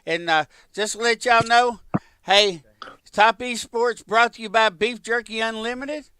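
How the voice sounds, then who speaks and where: A man calling a live sim dirt race as host, folksy and excitable, rambling with lots of fillers. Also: very high voice, measured pace, smooth. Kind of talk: live sim racing play-by-play.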